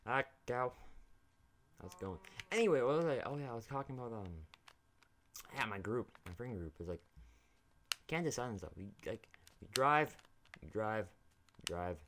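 A gaming YouTuber, this young man talks casually and at length while playing, swearing freely and chatting to the characters on screen. His medium-pitched voice is animated and fairly bright, moving at a moderate pace with long pauses, with a little hiss or hum in the recording.

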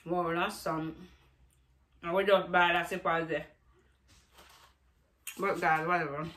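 A woman's voice: lowish voice, steady tone, takes it slowly, a bit bright. A woman with a Jamaican accent chatting casually to her vlog camera in a loose, rambling patois-laced way. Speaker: vlogger.

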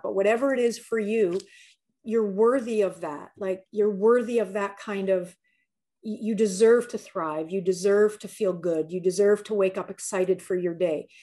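A woman's voice: mid-range voice, warm tone. A woman coach talking as a podcast guest, telling personal stories in an earnest, candid way and often repeating words as she thinks aloud. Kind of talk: candid conversational storytelling.

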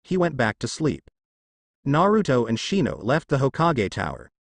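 A man narrating a fan story aloud in a steady storytelling manner, close to the mic. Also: mid-range voice, moderate pace, no room sound.

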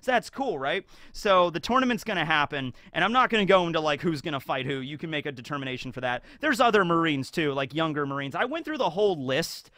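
A man's voice: on the high side, fast, few pauses, no room sound. A man giving casual, rambling fan commentary as a YouTube commentator, full of fillers. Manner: rambling, filler-heavy, animated.

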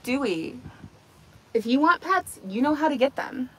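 A woman with a high, animated voice speaks at a measured pace while livestreaming casually outdoors among her goats. Holding a phone on a selfie stick, she coos baby talk at the animals and laughs a lot.

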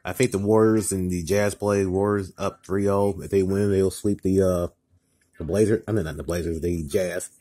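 A man's voice: low-pitched, steady tone, dark tone. Tired, upset man ranting on a vlog. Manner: halting and repetitive, frequent restarts and fillers. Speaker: vlogger. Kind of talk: casual mukbang vlog talk.

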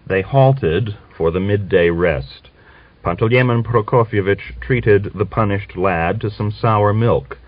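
Low-voiced man narrating an audiobook. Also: no room sound. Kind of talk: scripted literary narration. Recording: dull lo-fi old recording.

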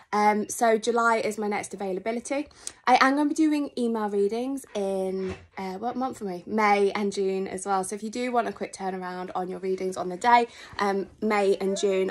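A woman's voice: fairly high pitch, fairly bright tone. A woman chatting casually to camera as a tarot reader, upbeat with frequent ums. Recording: distant mic with faint noise.

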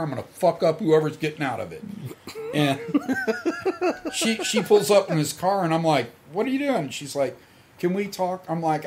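A man's voice: on the high side, slight background noise. Middle aged guy spinning foul-mouthed bar stories, cocky, voice jumps all over when he acts out the cops. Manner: profane, swaggering, acts out quotes with laughs. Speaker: podcast guest storyteller. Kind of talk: crude casual storytelling.

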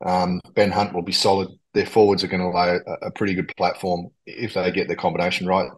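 Bit raspy lower voiced guy on a video call, blunt footy opinions, says mate a lot. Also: level tone, fairly quick, low-quality recording. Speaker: podcast co-host. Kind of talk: casual sports chat.

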